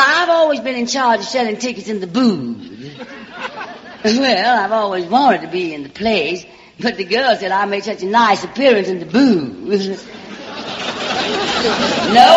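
A woman's voice: medium pitch, fairly bright tone. Theatrical Southern woman, old radio broadcast. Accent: Southern American. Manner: theatrical, drawling, coy, calls everyone darling. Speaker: comedy host. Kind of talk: comic monologue on a radio show. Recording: dull old radio broadcast in a reverberant hall.

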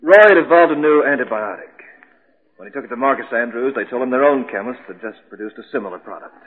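A man's voice: medium pitch, fast talker, close to an everyday voice. An actor playing a doctor who firmly coaxes his distraught old friend in an old radio drama. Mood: explaining. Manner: coaxing, firm and reassuring. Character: steady male doctor, the chemist's old friend. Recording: tinny old broadcast with long reverb.

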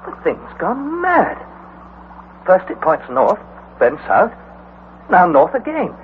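Old radio drama: a nervous young nephew on an expedition, excitable and panicky, with a lively, swinging voice. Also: male voice, sits high, heavily acted. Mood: panicked. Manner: anxious, breathless, quick to panic. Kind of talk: 1940s radio acting. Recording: tinny, hissy old radio broadcast.

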